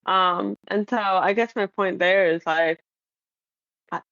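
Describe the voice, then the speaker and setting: A woman's voice: medium pitch, steady tone, takes it slowly, a bit bright, no echo, dull audio. A woman who is a podcast guest, speaking candidly in casual conversation, self-deprecating, laughing often and using lots of fillers.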